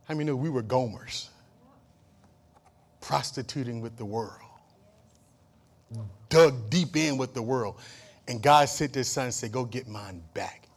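A male pastor preaching a sermon, dropping to quiet asides, then rising to shouted emphasis with jokes and call-and-response to the congregation. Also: medium pitch, measured pace, pauses often. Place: church.

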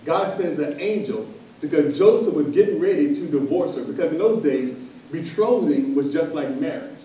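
A man preaching a sermon to a congregation, calling for responses and building to loud emphatic peaks. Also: on the high side, animated, normal speed. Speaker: pastor. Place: church sanctuary. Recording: echoey church from far off.

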